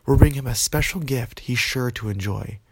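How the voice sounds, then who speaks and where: A man's voice: medium pitch, moderate pace, husky, no echo. A man voicing two young princesses in a storybook tale, earnest as they plot. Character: two brave young princesses disguised as ogres.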